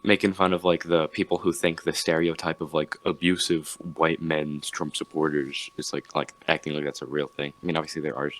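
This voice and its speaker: A man's voice: very deep voice, flat delivery, fairly quick, hardly any pauses, a bit bright. A young man on a podcast, chatting casually and telling a rambling story with many restarts. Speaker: podcast host. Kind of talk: casual chat.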